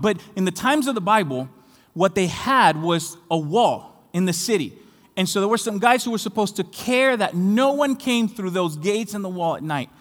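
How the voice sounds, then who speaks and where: Pastor, man from Latin America, higher voice, impassioned sermon delivery, long hall echo. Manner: passionate preaching, rising to shouts on key phrases.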